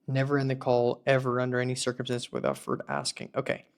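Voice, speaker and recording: A man talks through a tech tutorial in a relaxed, conversational way, thinking aloud as he works through each fix. His voice sits at an ordinary middle pitch, and he sounds upbeat and easygoing as he narrates his screen. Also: fast talker. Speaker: tech video creator building voice agents. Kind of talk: casual screen-recorded tutorial.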